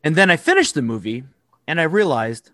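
A man's voice: on the high side, huge pitch swings, fairly quick, sharp tone, no echo, studio quality. A man co-hosting a casual film podcast, joking and acting out made-up quotes. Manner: jokey, acts out imagined quotes. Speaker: podcast co-host. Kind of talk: casual film review chat.

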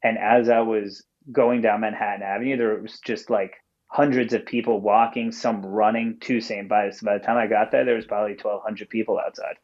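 A man's voice: fairly low pitch, level tone, brisk, a little mellow. A man calling in as a podcast guest and telling a story casually, rambling with lots of fillers and swearing. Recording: dull call-in audio.

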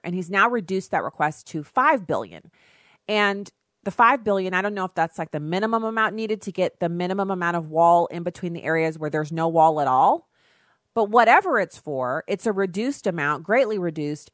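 A woman's voice: fairly low pitch, a bit bright, no echo, studio quality. Sarcastic talk radio hostwoman. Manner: sarcastic, opinionated. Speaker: radio talk show host. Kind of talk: political talk radio monologue.

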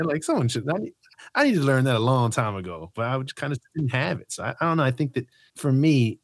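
A man from a Puerto Rican family, speaking in a casual podcast conversation and telling animated stories about his childhood. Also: mid-range voice, fast, dry recording, studio quality. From Puerto Rican family in America. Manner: animated storytelling, voices his childhood reactions.

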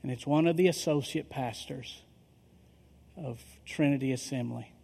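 This middle-aged male pastor's voice is warm and husky with some vocal fry, medium in pitch and at a normal speed. He acts out the characters' dialogue while telling a story in his sermon, and the large hall gives a long reverb.

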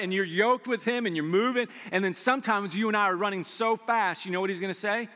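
High, bright-voiced preacher man in a hall. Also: rapid-fire, hardly any pauses. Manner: animated, acts out listeners' replies. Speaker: pastor. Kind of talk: sermon.

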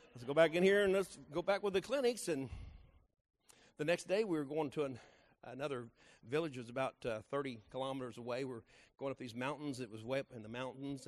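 A middle-aged pastor tells a folksy story during his sermon, building it to loud, emphatic peaks. His voice is medium in pitch.

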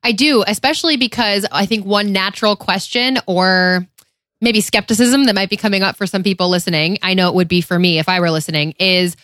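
A woman's voice: mid-range voice, fairly quick, a bit bright, no echo. Woman podcast cohost, upbeat and chatty, dry close mic. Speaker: podcast co-host. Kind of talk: casual chat.

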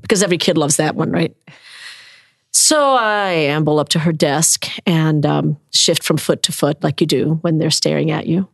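A woman's voice: low voice, normal speed, vocal fry, dry recording, studio quality. A woman from the American South telling personal stories in conversation, acting out voices and dropping to whispers. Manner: expressive, acts out quoted voices, drops to whispers. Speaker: storyteller.

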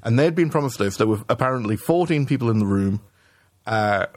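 A man in a casual political chat, his voice mid-pitched and recorded dry and close. He circles his points with restarts and the odd curse, thinking out loud. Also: animated, brisk, no room sound. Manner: hesitant restarts, swearing, building an argument. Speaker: podcast co-host.

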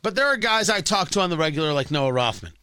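A man's voice: on the high side, very animated, fast, pushed and bright, smooth, no echo, clean studio sound. A man hosting political talk radio, giving emphatic, opinionated commentary and repeating phrases for effect.

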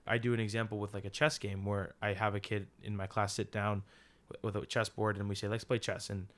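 A man's voice: on the low side, little pitch movement, a little fast, a bit bright. A young man co-hosting a casual faith podcast, explaining at length in an earnest, rambling way with many fillers. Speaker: podcast co-host and teacher.

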